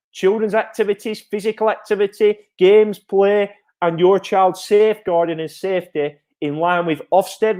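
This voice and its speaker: A man, a childcare provider giving parents an energetic, reassuring live update. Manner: energetic, repetitive, upbeat sales-pitch reassurance.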